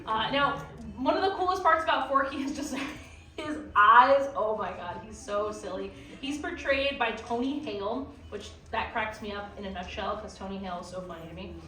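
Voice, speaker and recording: This time the young art instructor's voice is medium-pitched, pushed and bright, at a moderate pace. She's leading a live drawing session for an audience in a theme park art classroom, chatty and playful with many fillers, heard from a distance in a reverberant room.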